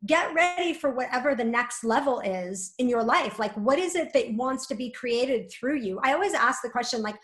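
A woman guest talking in a flowing, gently encouraging way, often adding "like" and "right?". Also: a little high, animated, normal speed, few pauses, reverberant. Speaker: guest, spiritual coach. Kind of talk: reflective conversational interview.

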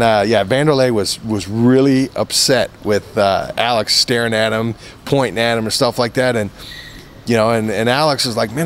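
There's a faint hiss or hum under this man's mid-range voice. Once a fighter, he's being interviewed and spins a long, meandering tale in a casual storytelling style, restarting again and again.

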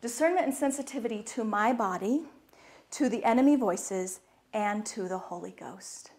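Woman, middle-aged, somewhat high voice, lively talk, laughs and quizzes the crowd. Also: moderate pace. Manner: animated, laughing, quizzes the audience. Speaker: speaker at a women's conference. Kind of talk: lively inspirational talk with audience interaction.

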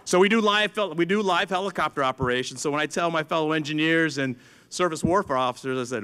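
A middle-aged man gives an animated talk to an audience with a fairly high voice. He tells stories and acts out the lines of the people in them. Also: fairly quick, clean tone. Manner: storytelling, acts out dialogue with others. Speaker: museum chief engineer giving a talk.

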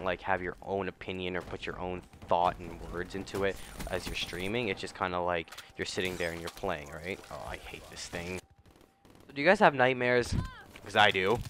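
A man's voice: sits low, fairly bright tone, slight background noise. A young man giving casual, rambling commentary over his gameplay, with bursts of profane trash talk. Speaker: gaming YouTuber and streamer.

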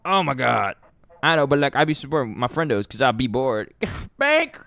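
A man streaming a game live, excitable and easily flustered, with plenty of swearing, close on a desk mic at home. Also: mid-range voice, moderate pace, vocal fry, no echo. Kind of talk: live-stream gaming commentary.

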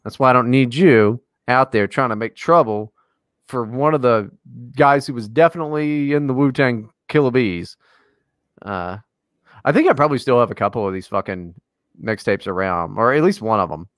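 This podcast co-host rants and swears with loads of energy in a casual chat, sounding animated throughout. His voice is mid-range and moderately paced, recorded cleanly in a studio with no room sound.

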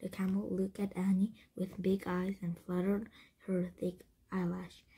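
Slow, breathy woman reading a storybook. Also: fairly low pitch, completely flat delivery. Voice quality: breathy, husky. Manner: gentle, with occasional slips and restarts. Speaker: storybook reader. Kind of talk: storybook read-aloud.

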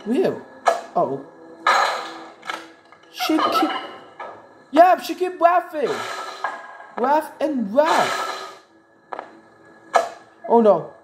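A woman playing a horror game, talking in excitable, exclamatory bursts and swearing at it. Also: high voice, extremely slow, long pauses. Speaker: gamer. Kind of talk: let's play commentary. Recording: loud background noise.

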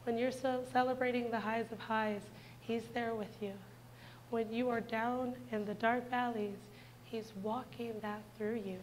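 A woman's voice: a little high, little pitch movement, unhurried, slight background noise, poor audio. A woman in her twenties giving a heartfelt personal testimony in a church, speaking earnestly and directly to the congregation. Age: 20s.

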